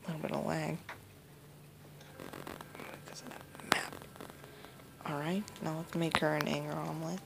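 Woman gamer, casual muttering commentary, low gravelly voice, noisy home recording. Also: little pitch movement, normal speed, long pauses. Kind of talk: let's play commentary.

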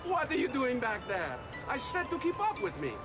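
A man's voice: extremely high pitch, big pitch swings, slow, bright, forceful tone, soft background music, full character voice. An actor playing a sly, teasing male thief leader in a video game. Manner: teasing, laughs easily. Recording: game audio with crowd noise.

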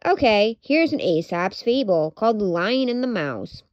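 A woman voicing a kind, reassuring adult caretaker in a gentle manner. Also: medium pitch, big pitch swings, moderate pace, no echo, dull audio, lightly acted.

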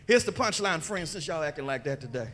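A male pastor, preaching a sermon in a church and calling out to the congregation, slipping into sung and shouted phrases. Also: on the high side, animated, fast talker. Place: church sanctuary.

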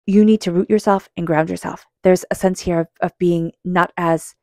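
A woman giving a psychic tarot reading, earnest and speaking straight to the listener, calm with slow passages. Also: lowish voice, dry recording, clean studio sound. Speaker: tarot reader.

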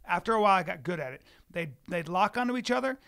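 A man co-hosting a podcast in a studio, telling animated, profane anecdotes and repeating himself for emphasis. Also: sits high, fast talker, gravelly. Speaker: podcast co-host. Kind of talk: casual podcast chat.

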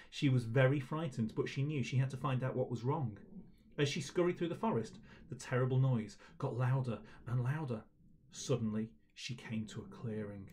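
A man reading a storybook to children at a school assembly, gentle and encouraging in his delivery. His voice sits at an ordinary pitch and stays warm in tone, paced for young listeners. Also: slight background noise. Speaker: teacher leading an online school assembly.

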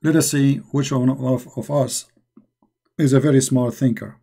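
A man's voice: mid-range voice, steady tone, normal speed, creaky, dark tone. A man hosting a live online discussion, speaking in a mocking, emphatic and repetitive way, with non-native English grammar. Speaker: online debate host.

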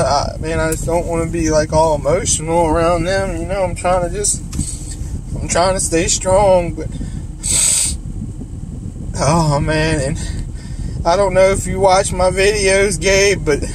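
A man, talking in a halting, emotional, tearful way in a confessional vlog, full of restarts and apologies. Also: on the high side. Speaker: vlogger in recovery. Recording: outdoor recording with loud traffic noise.

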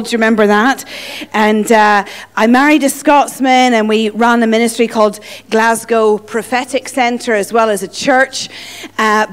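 Irish woman, guest teacher, light teasing delivery, slightly high voice. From Ireland. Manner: playful, jokey with the audience. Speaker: guest speaker. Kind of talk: teaching session.

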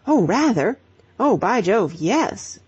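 A woman reading an audiobook voices a devoted young gentleman, speaking slowly and haltingly. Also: medium pitch, very animated, slightly rough, highs cut off, full character voice. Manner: slow, halting, meditative. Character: devoted, dreamy young gentleman, slow-witted.

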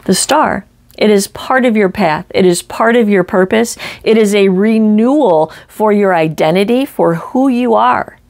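A woman reads tarot cards in a spoken monologue. She talks with emphatic, blunt energy and keeps checking in with the listener. She drops the odd casual curse, and her voice sits at a middle pitch for a woman. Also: unhurried, creaky, a little mellow. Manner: emphatic, frequent "right?" and "okay?" check-ins. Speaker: psychic tarot reader.

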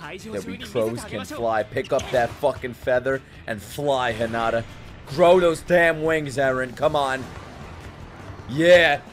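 A young man reacting to an anime as he watches it, excitable and yelling and swearing at the big moments. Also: mid-range voice, slow pace, faint music behind. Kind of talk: live reaction commentary. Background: faint anime soundtrack playing.

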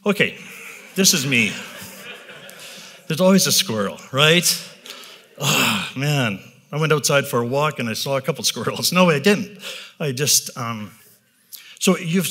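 A man in his fifties speaks plainly to a live audience about his own habits, in a bright, forward voice. He is candid and self-deprecating, wandering through his points with restarts and a habitual "right?". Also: mid-range voice, animated. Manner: rambling, with restarts and filler pauses. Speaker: business leader giving a talk. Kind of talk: personal talk to a live audience.

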